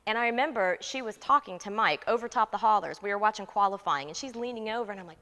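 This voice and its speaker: A woman in her thirties, an interview guest telling a story in a lively, animated way and acting out the quotes. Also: medium pitch, quick pace, few pauses, in a large hall. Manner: lively, laughing, acts out quotes.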